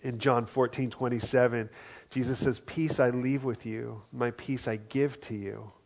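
A man preaching a sermon as pastor, earnest, dropping to a hushed voice for quoted lines. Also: mid-range voice, steady tone, measured pace, gravelly, lo-fi sound. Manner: earnest, drops to soft quiet tones for quoted words.

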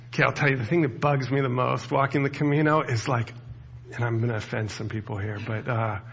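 A man's voice: medium pitch, creaky, a bit bright, muffled recording, a little hiss or hum. A man preaching a casual sermon as a pastor, talking to the room with rhetorical asides. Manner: conversational, with rhetorical asides to the audience.

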